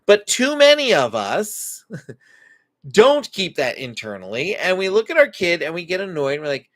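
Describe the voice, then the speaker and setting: Animated man hosting a parenting stream. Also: high voice, a little slow, no room sound. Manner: animated, acts out parent and child quotes. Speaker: parenting show host. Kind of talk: live-stream Q&A teaching.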